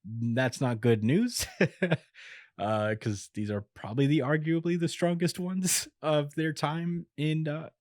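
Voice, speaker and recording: A man's voice: on the high side, slow, darkish tone, no echo, studio quality. A man hosting a podcast, casually recapping an episode with chuckles and plenty of filler words. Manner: laid-back retelling with chuckles and filler words. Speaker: podcast host. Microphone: podcast mic.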